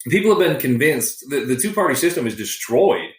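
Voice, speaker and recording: A man's voice: medium pitch, fairly quick. Profane Texan man ranting, echoey room. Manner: animated, profane, many restarts. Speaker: podcast co-host. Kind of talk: casual political rant.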